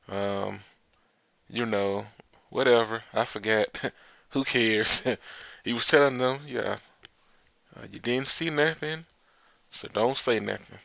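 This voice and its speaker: Gravelly, low-voiced man casually recapping. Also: fairly bright tone, no room sound. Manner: rambling, laughs often, loose filler words. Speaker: manga chapter reviewer.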